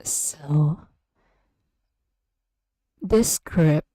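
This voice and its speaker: Chatting casually on a stream from her home room, a woman rambles, giggles and trails off into filler. Her low voice is very slow and warm, picked up by a USB desk microphone with no echo.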